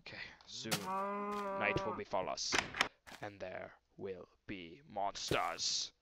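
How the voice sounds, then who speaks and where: A man's voice: sits low, steady tone, slow, creaky. A young man commenting on his own gameplay in a silly, mock-grand voice, speaking to the animals and trees. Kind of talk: let's play commentary. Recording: noisy amateur recording.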